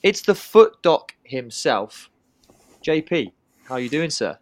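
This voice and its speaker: A man's voice: fairly high pitch, big pitch swings, slow, dry recording. A young man hosting a casual podcast, cheeky and swearing, hyping up his guests. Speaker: podcast host. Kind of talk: casual banter.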